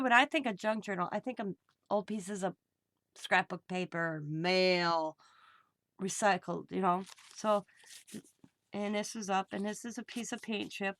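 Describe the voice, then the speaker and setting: A woman's voice: on the high side, vocal fry, fairly bright tone. A middle-aged woman hosting a crafting video, chatting casually and telling rambling stories at her craft table at home. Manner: rambling storytelling with reported dialogue. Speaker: crafting channel host.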